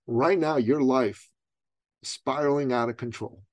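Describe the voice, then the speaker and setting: A blunt, no-nonsense male business coach, as a man quotes him, speaking quietly and firmly. The voice sits in an ordinary middle pitch. It is recorded dry and close. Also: a little slow, no room sound, lightly acted.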